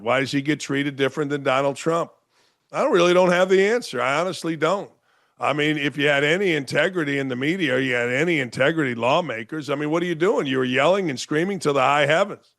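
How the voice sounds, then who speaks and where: A male talk show host rants with sarcasm, firing off rhetorical questions. His voice sits a bit high for a man. The room sound is dry and close. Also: a bit bright, no room sound. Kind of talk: opinionated commentary monologue. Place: home studio in Florida.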